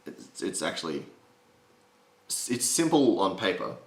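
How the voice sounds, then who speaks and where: A man's voice: low-pitched, sing-song, unhurried, gravelly. A man hosting a voice impression tutorial, rambling and self-mocking in a casual, joking way. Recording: roomy echo.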